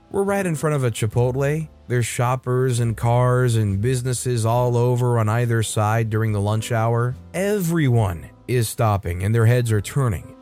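A man narrating online revenge stories in a scripted, expressive reading style. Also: mid-range voice. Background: faint background music.

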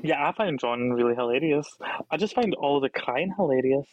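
A man's voice: expressive, moderate pace, a little mellow, no echo, muffled recording. A man guesting on a podcast, chatting casually, giggling and acting out quotes. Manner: giggly, acts out quotes in a high voice. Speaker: guest co-host.

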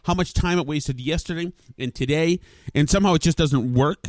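A man's voice: on the high side, brisk, no echo. Furious man ranting with profanity. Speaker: podcast host. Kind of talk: ranting podcast monologue. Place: studio with recording gear.

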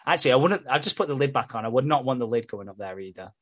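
A man's voice: mid-range voice, animated, rapid-fire, fairly bright tone. Sweary laughing man recapping. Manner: sweary, laughing, retells scenes with quoted voices. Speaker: podcast co-host recapping a soap. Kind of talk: casual chat.

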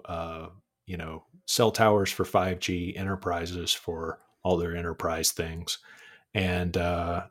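A man hosting a casual podcast, chatty and quick to laugh, with lots of fillers between his thoughts. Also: low-pitched. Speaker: podcast host, editor.

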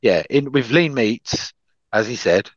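A man co-hosting a casual podcast, bantering and pitching ideas with plenty of swearing. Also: lively intonation, a little slow, no echo, muffled recording. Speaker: podcast co-host.

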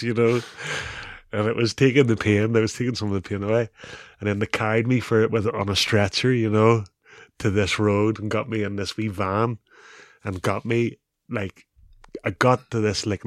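A middle-aged man with a Northern Irish accent, telling a story casually as an interview guest, animated, with "bro" and "wee" and plenty of laughs. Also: on the low side, dry recording, clean studio sound. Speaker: guest, former rugby player.

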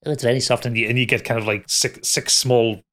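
A man's voice: mid-range voice, fairly even intonation, fast talker, a bit bright. Man running a tabletop game. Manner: rambling, restarts mid-sentence, laughs with players. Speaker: game master.

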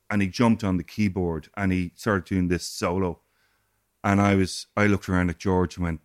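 A man co-hosts a relaxed podcast, chiming in with short agreeing words. When he takes the floor he tells a story in an easy conversational way. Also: deep voice, moderate pace. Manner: frequent short agreeing backchannels. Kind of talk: casual chat.

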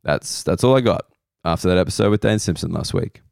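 An Australian comedian hosting a podcast, telling rambling self-deprecating stories slowly, his voice hoarse and worn. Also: deep voice, darkish tone, no room sound, studio quality. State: losing his voice. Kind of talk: casual comedic monologue.

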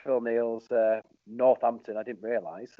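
Rambling ex-footballer telling stories on a dull line. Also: male voice, mid-range voice, a little slow, dry recording. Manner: animated, rambling, lots of ums. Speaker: former football captain, guest. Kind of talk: casual storytelling interview.

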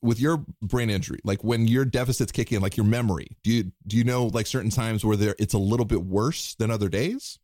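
A man's voice: on the low side, brisk, hardly any pauses, darkish tone, no echo, clean studio sound. A man hosting a podcast, chatty and supportive, talking with lots of fillers. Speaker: podcast host. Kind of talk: podcast interview.

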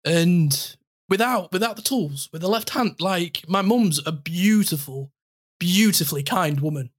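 A man's voice: high-pitched, animated, unhurried. A man in his thirties hosting a podcast in casual chat, speaking in a heartfelt and emotional way, close to tears. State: tearful. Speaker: podcast host.

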